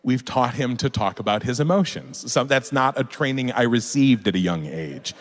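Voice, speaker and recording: A man, an author and guest speaker, telling a funny story to a live audience in a large hall, lively and laughing as he swears. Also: medium pitch, moderate pace. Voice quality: animated, lively delivery with frequent laughs and swearing.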